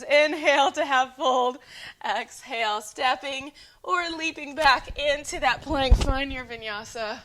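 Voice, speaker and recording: A woman yoga instructor calmly cueing breaths and poses in a guided flow at home. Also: high-pitched, a little slow. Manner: calm, encouraging breath cueing. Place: home, dogs nearby.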